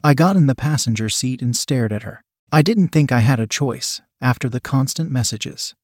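A man's voice: medium pitch, normal speed, breathy edge, no room sound, clean studio sound. A man reading a first-person story aloud in a casual, wry storytelling manner. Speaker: narrator.

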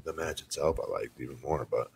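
A man's voice: extremely low pitch, a little fast, slight background noise. A man co-hosting a casual podcast, blunt and opinionated. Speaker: podcast co-host. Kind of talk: casual chat.

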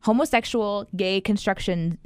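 A woman's voice: medium pitch, measured pace, darkish tone, clear, resonant tone, no room sound, clean studio sound. A woman telling a personal story in casual conversation, rambling with many fillers and frequent laughs. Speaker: guest sharing her story.

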